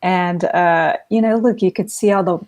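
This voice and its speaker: A woman's voice: lowish voice, moderate pace. A woman guest telling stories in a casual interview, laughing often as she goes. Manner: animated anecdotes, laughs often. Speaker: guest, photographer's estate heir.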